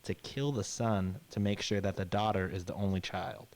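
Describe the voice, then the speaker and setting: A man's voice: sits low, fairly even intonation, normal speed, darkish tone. A man telling a grim fairy tale in a casual, rambling way, swearing and acting out the characters' lines. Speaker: podcast co-host. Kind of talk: casual storytelling chat.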